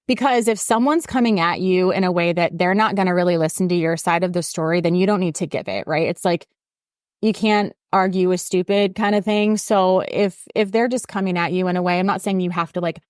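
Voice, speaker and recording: Hosting her own podcast, a woman fitness coach speaks fairly quickly in a casual, animated, emphatic way, her voice rising in pitch as she gets worked up. The studio-quality audio has no echo.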